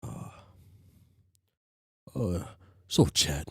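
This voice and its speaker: Male streamer, gravelly and dry, lively delivery, halting reader who mutters asides. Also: low-pitched, no room sound. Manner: halting, stammers and restarts, mutters to himself. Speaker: streamer reading a webcomic aloud. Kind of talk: casual reaction stream, reading aloud.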